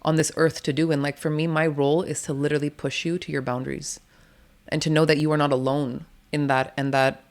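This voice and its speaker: A woman's voice: deep voice, a little fast. A woman doula speaking as an interview guest, outspoken and blunt, swearing casually and laughing often as she talks. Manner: animated, laughs often between points.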